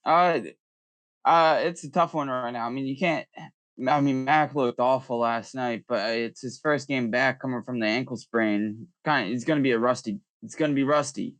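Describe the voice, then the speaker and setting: Male co-host, measured, lots of fillers, dry close sound. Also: medium pitch, a bit bright, no room sound. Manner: measured, thinking aloud with many fillers. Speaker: podcast co-host. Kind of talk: casual sports talk.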